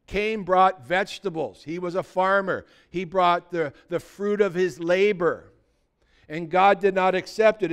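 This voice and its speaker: A man's voice: sits high, fairly bright tone, clean tone. A male pastor preaching a sermon in a conversational way, asking the congregation many rhetorical questions.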